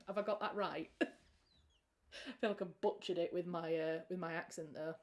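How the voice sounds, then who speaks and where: A woman's voice: on the low side, little pitch movement, brisk, darkish tone. A British woman, a writer hosting a livestream, chatting casually and rambling with frequent restarts.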